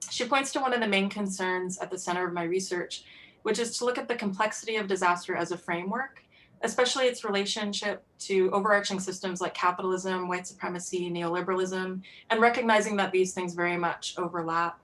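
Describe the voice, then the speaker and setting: A woman's voice: medium pitch, a little fast, a bit bright, a little hiss or hum, low-quality recording. A woman giving an artist talk over a video call, casual and chatty with a lot of fillers.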